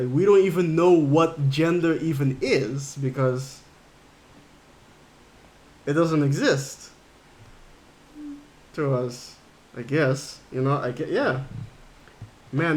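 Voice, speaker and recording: A man livestreaming a game, chatting casually and rambling as he thinks aloud while reading chat. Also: fairly high pitch. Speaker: game streamer.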